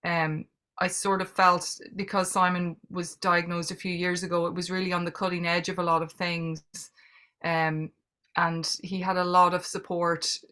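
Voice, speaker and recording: A middle-aged woman with an Irish accent talks candidly and reflectively, answering audience questions over a video call. Her tone is bright and her pitch sits low. She keeps a flat, even melody as she chats. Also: moderate pace, clean tone. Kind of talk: casual Q&A conversation.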